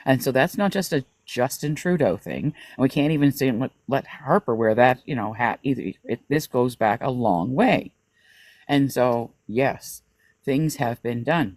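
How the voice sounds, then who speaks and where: A man's voice: mid-range voice, a little mellow, no room sound. A man talks on a political panel over a video call, with a dry, close sound and no room around him. He speaks casually and drifts into telling a story, quoting what someone said to him. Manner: storytelling, quoting others in conversation.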